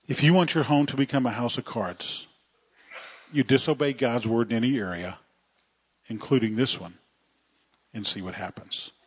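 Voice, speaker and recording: A man's voice: mid-range voice, moderate pace, long pauses, breathy edge. Earnest male pastor preaching. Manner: plainspoken, earnest, trailing off quietly at phrase ends. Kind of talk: sermon. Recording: slightly muffled lo-fi recording.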